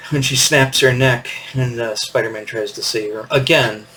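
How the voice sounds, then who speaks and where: A man's voice: medium pitch, steady tone, normal speed, bright, forceful tone, far from the mic, slight background noise, low-quality recording. A man in his fifties hosting a casual show-and-tell, meandering with lots of fillers and little chuckles. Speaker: podcast host.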